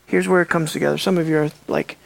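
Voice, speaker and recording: A preacher delivering a sermon, asking the audience questions and swinging between loud, high emphasis and low, quiet asides. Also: fairly even intonation, fast, vocal fry, a little hiss or hum. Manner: asks the audience rhetorical questions.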